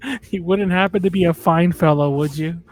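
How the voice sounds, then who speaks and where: A man's voice: sits high, fairly quick, crowd noise. A drunk man playing a tabletop game, making jokey asides. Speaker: player. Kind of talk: casual tabletop play.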